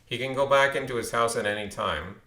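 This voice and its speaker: A channel host in his thirties tells a long, rambling story to camera, restarting and repeating words as he goes. His medium-pitched voice is bright and forceful, a little fast, in an echoey room, in a casual storytelling monologue.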